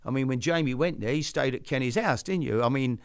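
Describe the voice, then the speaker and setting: Fairly quick and medium-pitched, this older man's voice is creaky yet smooth. He hosts a chat show, spinning rambling stories with many restarts in a casual chat.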